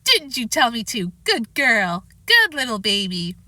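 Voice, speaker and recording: Woman doing a high sing-song mischievous little boy. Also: very animated, a little slow, very noisy. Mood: wheedling. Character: small mischievous boy, cheeky and wheedling.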